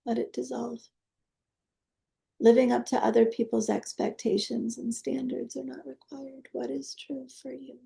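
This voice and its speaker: A woman leads a guided energy-healing meditation in a soft, coaxing voice. Her tone is very dark and mellow, with a strong gravelly fry running through it. She moves between gentle instruction and quiet, prayer-like requests. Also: fairly high pitch, level tone, unhurried.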